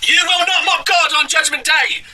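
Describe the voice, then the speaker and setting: A man mocking a shrill male street preacher. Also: steady tone, normal speed, bright, forceful tone, slight background noise, full character voice. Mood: shrill scolding. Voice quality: shrieking, mocking.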